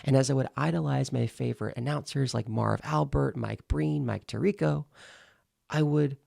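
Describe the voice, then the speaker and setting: A man teaching speaking technique in an instructional video, deliberate and repeating key phrases for emphasis. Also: mid-range voice, creaky, darkish tone, dry recording, studio quality. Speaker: speaking coach.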